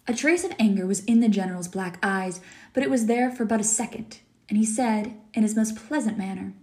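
A teacher reads a story aloud to her class in a measured, deliberate way. Her voice is mellow and warm. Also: medium pitch. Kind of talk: reading a story aloud for a lesson.

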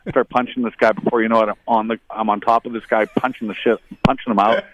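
A man's voice: flat delivery, fast, lo-fi sound, background noise. A middle-aged man, a former hockey player, telling long casual anecdotes, rambling and quoting others. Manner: rambling anecdotal, quotes others in higher voices. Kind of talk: casual storytelling.

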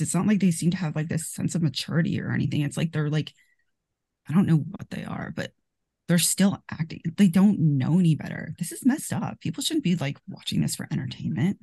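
A tabletop player with a gravelly, fry-laced voice talks in and out of character, rambling and stacking up fillers. The sound is close and dry. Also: mid-range voice, animated, a little fast, mellow, no room sound. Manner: rambling, full of "like". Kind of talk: playing a tabletop game in character.

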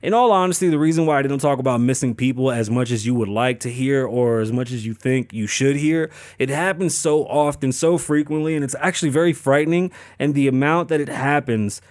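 A man's voice: mid-range voice, brisk, few pauses, darkish tone, no echo, studio quality. A man hosting a podcast, riffing on news in a casual, profane, joking way. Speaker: podcast host. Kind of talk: casual commentary.

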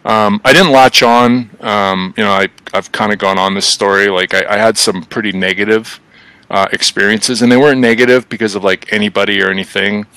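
A middle-aged man telling stories in casual chat, animated and full of swearing. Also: fairly low pitch, fairly quick, smooth, no echo, low-quality recording. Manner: profane, animated storyteller. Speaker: podcast guest.

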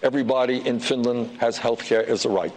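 A man addresses a crowd in a measured, earnest way, pausing on a few fillers. His voice sits in an ordinary middle range. A faint hiss of noise lies under the clip. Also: mid-range voice, steady tone, a little mellow, poor audio. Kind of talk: speech played as a clip.

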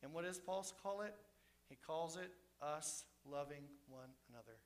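A man preaching a sermon as pastor, swinging between fervent shouts and soft, intimate asides. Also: on the high side, animated, moderate pace.

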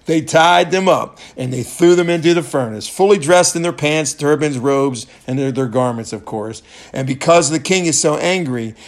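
Gravelly-voiced man preaching a folksy sermon. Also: on the high side. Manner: folksy, laughs often, rises loud when excited.

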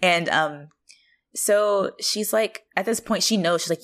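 A woman's voice: mid-range voice, a little slow. A woman co-hosting a podcast, chatting casually about an episode, playfully acting out the characters' lines and laughing often. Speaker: podcast co-host. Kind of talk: casual chat recapping a TV episode.

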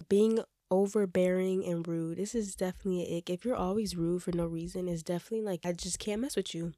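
A woman's voice: on the low side, no room sound. Young woman, congested, casual opinionated podcast host, dry close sound. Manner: chatty, opinionated, animated. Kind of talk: casual chat.

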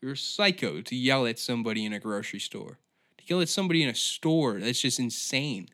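A man's voice: medium pitch, expressive, brisk, fairly bright tone. A man hosting a solo comedic podcast, telling stories in a profane, rambling rant. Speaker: podcast host.

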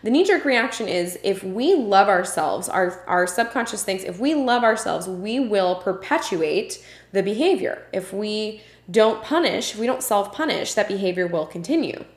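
In a home room with a puppy nearby, a woman talks alone on her own podcast, earnest and passionate, with frequent ums and uhs. Her voice is medium-pitched with lively intonation at normal speed, and the sound is roomy and echoey.

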